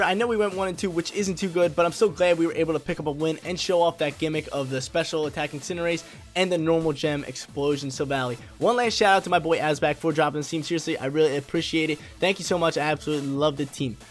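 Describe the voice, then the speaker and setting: A man giving casual, excitable commentary over his own video game battle, trash-talking and joking as he plays. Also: a little high, fast. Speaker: gaming YouTuber. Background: background game music.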